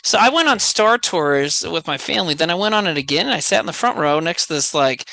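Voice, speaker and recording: A man's voice: a little high, a little fast, creaky, no echo, rough recording. A middle-aged man co-hosting a podcast, telling stories in casual chat and laughing often. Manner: animated storyteller, laughs often. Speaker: podcast co-host.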